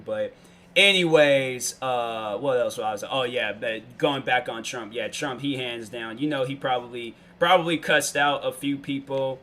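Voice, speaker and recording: A man's voice: medium pitch, unhurried, a bit bright. A young man hosting his own show, talking in a casual, slangy monologue that rambles and keeps losing its thread. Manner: rambling, slangy, loses his train of thought. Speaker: show host. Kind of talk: casual solo vlog monologue.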